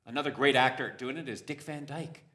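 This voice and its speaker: A man performing stand-up comedy on stage, with a deadpan, punning delivery. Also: mid-range voice, brisk, background noise. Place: stage before a live audience.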